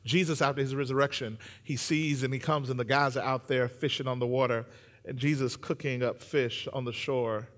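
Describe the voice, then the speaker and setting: A man preaching a sermon, joking with the congregation and building to loud, sung-out emphasis. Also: mid-range voice, normal speed, long reverb tail. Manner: humorous, animated, builds to shouting.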